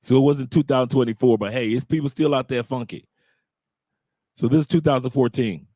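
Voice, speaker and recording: A man's voice: mid-range voice, fairly even intonation, brisk, mellow, no room sound, studio quality. A man with an American accent hosting a live stream, telling a loose, bawdy, joking story to his audience and acting out quotes along the way. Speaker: host.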